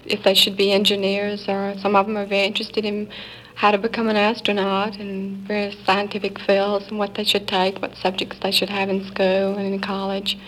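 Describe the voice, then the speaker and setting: Soft-spoken Southern woman, even tone. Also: mid-range voice, normal speed, slight background noise, poor audio. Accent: Southern American. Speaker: secretary to astronauts. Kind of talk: interview answers.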